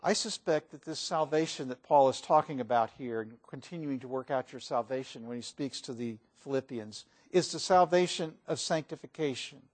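A man preaching a sermon in a church, folksy and emphatic, rising and falling in loudness for emphasis. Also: mid-range voice, normal speed, hardly any pauses.

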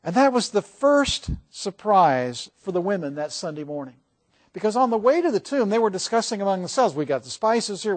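A man preaching a sermon, animated, asking the congregation questions. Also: high-pitched.

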